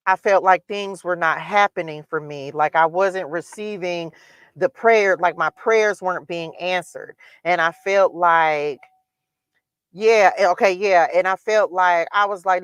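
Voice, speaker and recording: Woman host, mid-pitched, candid and repetitive in her spiritual talk, dry sound. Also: a little slow, smooth, dry recording. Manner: candid, repetitive testimony style. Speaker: livestream host. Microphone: livestream microphone.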